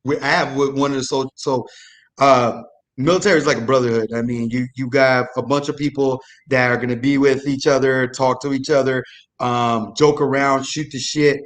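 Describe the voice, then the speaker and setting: A man's voice: mid-range voice, steady tone, moderate pace. Profane, rambling young man telling stories. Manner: loose and profane, with lots of restarts. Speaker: guest storyteller, former military supply. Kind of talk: casual comedic storytelling.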